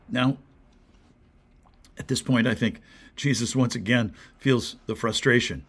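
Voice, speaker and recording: American pastor guy preaching a short devotional, earnest, asks big questions, goes soft and whispery at times. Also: mid-range voice, unhurried, long pauses, slightly rough.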